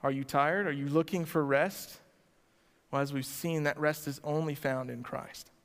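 A male pastor preaching to a church congregation, asking them direct questions and swinging between loud emphasis and quiet lines. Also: fairly high pitch, fairly even intonation, moderate pace. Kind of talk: sermon. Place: church sanctuary before a congregation. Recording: long hall reverb.

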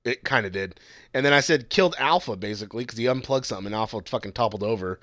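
A young man in casual chat, going through his notes on a TV episode, swearing freely and mimicking the characters in sudden high yelps. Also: fast talker, fairly bright tone, no room sound. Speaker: co-host reviewing a TV episode.

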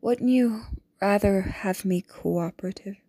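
A woman voicing a composed, cunning noblewoman and mother, soft, controlled and persuasive. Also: mid-range voice, measured pace, no room sound, studio quality. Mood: coaxing.

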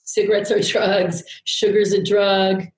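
A woman's voice: medium pitch, little pitch movement, unhurried, reverberant, poor audio. A woman guest telling a long personal story in a candid, rambling way, swearing freely. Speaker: podcast guest. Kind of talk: casual storytelling chat.

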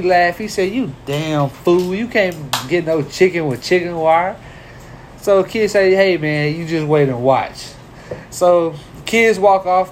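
A man's voice: on the high side, a little hiss or hum. A man hosting a casual podcast, teasing his co-hosts and telling jokes in a loose, profane way. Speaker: podcast host.

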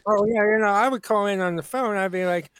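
A man co-hosting a casual comedy podcast, rambling with halting restarts and playful jokes. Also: high-pitched, a bit bright, clean tone, no echo. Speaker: podcast co-host.

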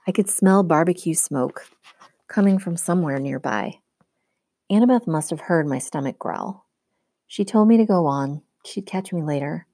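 A woman teacher reading a novel aloud in a steady, clear storytelling manner. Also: sits low, moderate pace, no room sound.

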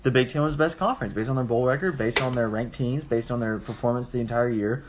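A man's voice: medium pitch, quick pace. Brief: male podcast co-host, ribbing banter, faint background hiss. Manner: teasing, jokey, talks over others.

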